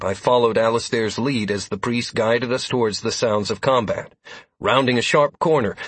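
Male narrator, fantasy audiobook, first person, husky, dry studio sound, mid pitch. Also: no echo. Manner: steady storytelling.

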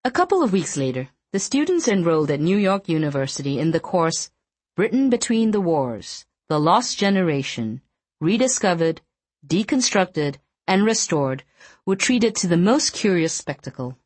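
A woman reads a novel aloud in a low, measured voice. Her storytelling is steady and even. The sound is close and dry. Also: no echo. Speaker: audiobook narrator. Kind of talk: scripted narration.

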